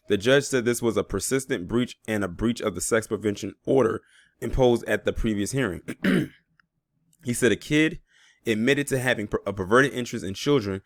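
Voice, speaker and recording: A man's voice: on the low side, dry recording, studio quality. A man in his early thirties doing news commentary, reading reports aloud and reacting with emphatic disbelief. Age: 30s. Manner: incredulous, emphatic, drawls when outraged. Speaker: commentary YouTuber.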